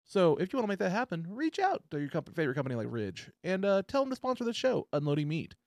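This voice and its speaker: Animated, profane American man. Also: high voice, fast talker, creaky, dry recording, studio quality. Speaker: podcast host. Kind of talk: crude casual podcast banter.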